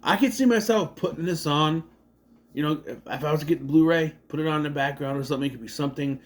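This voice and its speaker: A man's voice: on the high side, quick pace. A man casually recapping and reviewing a movie, swearing and mocking the scenes as he goes. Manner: animated, swears, mocks scenes in exaggerated voices.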